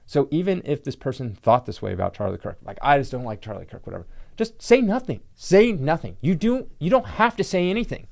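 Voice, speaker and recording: This channel host and comic book collector rants to camera in a casual, indignant, rambling way, leaning hard on the word "like." His voice sits on the high side and comes across very animated, brisk, and gravelly.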